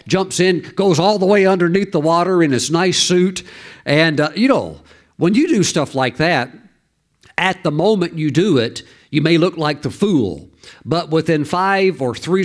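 A man, a pastor, preaching a sermon and telling a story in an animated way, with fillers and restarts, his voice rising at the dramatic moments. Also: a little high.

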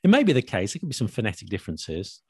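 Man, low voice, gravelly, dry close recording, casual explaining. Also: wildly swooping pitch, fast talker, darkish tone, no room sound. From England, north London area. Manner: explanatory, chatty, laughs often. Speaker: language video maker discussing accents. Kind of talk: casual conversational chat.

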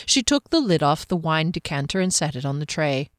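A woman narrating a fantasy novel in a measured, expressive storytelling voice on a close mic. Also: sits low, no room sound. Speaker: audiobook narrator.

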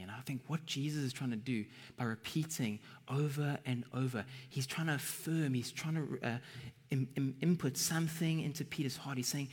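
A man's voice: mid-range voice, normal speed, a little mellow. A man preaching an earnest sermon that builds to emphatic bursts, recorded with a long hall reverb.

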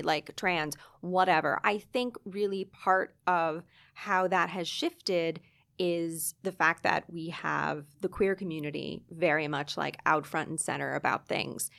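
A woman's voice: fairly low pitch, measured pace, creaky, a bit bright. A woman in her early forties co-hosting a podcast, talking candidly and repeating words for emphasis. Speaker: podcast co-host. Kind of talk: candid casual chat.

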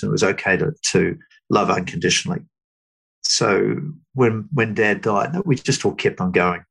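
A middle-aged man speaking as an interview guest, reflecting thoughtfully with halting restarts and fillers. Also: deep voice, creaky, a bit bright, husky, poor audio.

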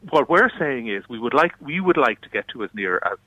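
A man's voice: mid-range voice, very animated, bright, forceful tone, dry recording. Earnest Irish man on a dull line. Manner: earnest, halting with many restarts. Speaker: union official guest. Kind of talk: radio interview.

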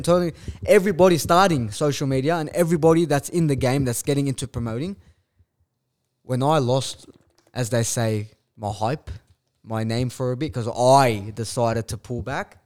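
A young man, a guest influencer, chatting casually on a podcast, swearing freely and telling animated stories. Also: medium pitch. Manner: heavy swearing, animated storytelling.

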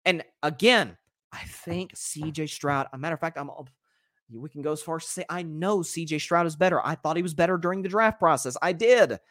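A man hosting a casual solo sports podcast, talking in an animated, rambling way with many restarts. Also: a little high, fairly quick, dry recording, clean studio sound. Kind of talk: casual solo sports commentary reading live comments.

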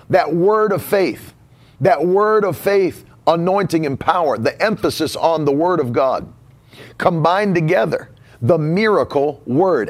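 Casting: male pastor, somewhat raised voice, preaching with emphatic repetition. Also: a little high. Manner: emphatic, repeats key phrases. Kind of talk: sermon.

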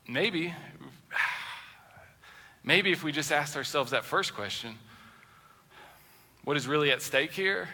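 Pastor guy preaching, bright voice, swings way up and down, acts out people, echoey church hall w/ faint music. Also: a little high, expressive, takes it slowly, pauses often. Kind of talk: sermon.

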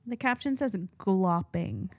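A woman's voice: medium pitch, very animated, a little mellow, no room sound. A young woman chatting casually and bluntly while reacting to a horror film. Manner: blunt, swearing, quick quips.

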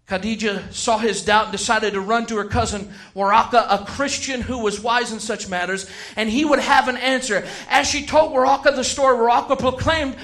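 A man preaching a sermon, who shouts some phrases and slows right down to stress others. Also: very high voice, animated. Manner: emphatic, swings from shouting to slow stressed words.

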